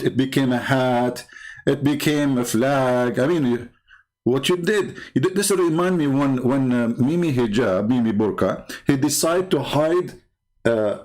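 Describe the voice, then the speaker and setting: A man with a somewhat high voice hosts a commentary monologue. He mocks as he goes, repeats phrases for effect and breaks into laughter often. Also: a little mellow. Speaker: commentary host. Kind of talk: mocking monologue.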